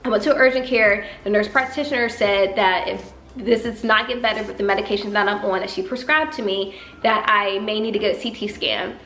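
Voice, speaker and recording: A young woman with a slight Southern country accent tells a personal story in a vlog, acting out the people in it with lively put-on voices. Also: medium pitch, fairly quick. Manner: animated, acts out dialogue with exaggerated voices. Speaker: vlogger. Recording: echoey room with faint music.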